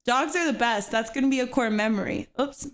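A woman's voice: fairly high pitch, a little fast. A young woman streamer chatting casually to viewers, often breaking into giggles as she talks. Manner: giggly, laughing through words.

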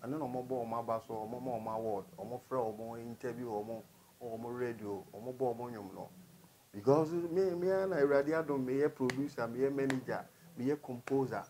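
A man's voice: mid-range voice, moderate pace, warm tone, a little hiss or hum. A Ghanaian man in his role as a gospel musician talks through his grievances in an interview. His voice sits in an ordinary middle range. He speaks earnestly and without hurry. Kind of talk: interview answers with sung lines.

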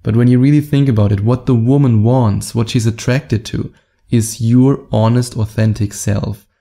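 Gravelly, dark-voiced man coaching. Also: mid-range voice, fairly even intonation, moderate pace. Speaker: dating coach. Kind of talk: direct-to-camera advice monologue.

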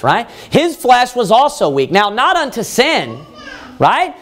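A man, a pastor, preaching a Bible study sermon, reading verses slowly and then explaining them in plain words, rising in force to stress his points. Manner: rises in pitch and force when stressing points.

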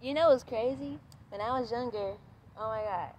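A woman talking to camera outdoors at sunset in an animated, repetitive casual vlog, swearing freely as she talks. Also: on the high side, moderate pace, slight background noise. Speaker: vlogger.

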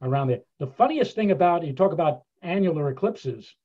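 An older man telling animated stories on a video call, with frequent restarts, speaking as a guest speaker. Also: a little high, a little fast, phone-quality sound. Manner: animated raconteur, many restarts.

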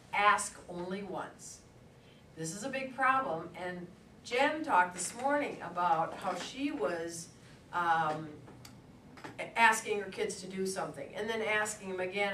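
With a lowish voice that sounds pushed and bright, a woman lectures adults conversationally, telling stories along the way. She's captured from a distance in an echoey lecture room with faint ambience and slight background noise.

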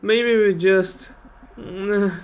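A man's voice: fairly even intonation, drawn-out words, smooth. Brief: man puts on a fragile old lady in a raised quavering voice, apologetic and close to tears. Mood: polite, gentle. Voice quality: high wavering voice. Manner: apologetic and pleading. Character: frail tearful old woman in debt.

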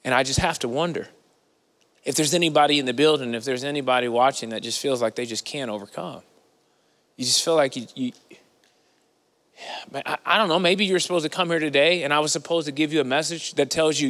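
A guest preacher delivers a sermon in a large church, his high voice bright and forceful. He's animated and conversational, speaking at normal speed with frequent pauses, swinging between loud bursts and hushed asides as long reverb from the big hall trails after his words.

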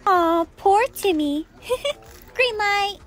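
A woman voicing a cruel, gloating caller of a deadly game who talks slowly and giggles between taunts. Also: extremely high pitch, expressive, a bit bright, a little hiss or hum, voice pushed up, exaggerated voice. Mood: taunting.

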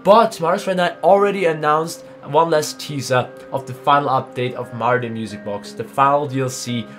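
A man's voice: a little high, moderate pace, a bit bright, soft background music. A man hosting a let's play, commenting emotionally and talking straight to his viewers. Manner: emotional, addresses viewers directly. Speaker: gaming channel host.

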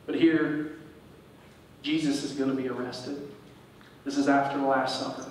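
A man's voice: medium pitch, flat delivery, moderate pace, heavy reverb, recorded from a distance, slight background noise, poor audio. A man preaching a sermon as pastor, reading scripture and explaining it to his congregation. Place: church service.

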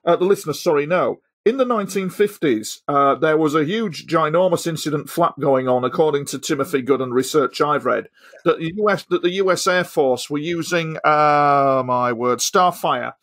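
A man's voice: on the high side, normal speed, fairly bright tone, no echo, clean studio sound. Polite, hesitant male podcast host. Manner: polite, hesitant, apologetic interruptions. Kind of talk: interview questions.

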